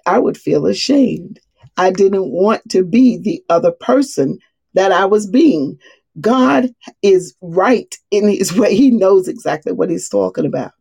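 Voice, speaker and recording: A woman's voice: fairly low pitch, creaky, mellow, slightly rough, no echo. A woman teaching on a morning call, earnest and rambling, often restarting her sentences. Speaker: Bible study teacher. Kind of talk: casual spoken teaching.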